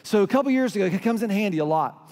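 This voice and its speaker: A man's voice: high voice, expressive, racing, a little mellow. A middle-aged man, preaching a sermon as pastor and telling stories that lead into crowd call-and-response. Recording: hall reverb.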